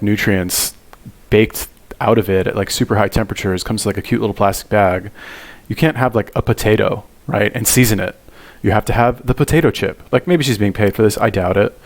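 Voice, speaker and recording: A man giving blunt, profane reaction commentary on a video clip. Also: fairly low pitch. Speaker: commentary host.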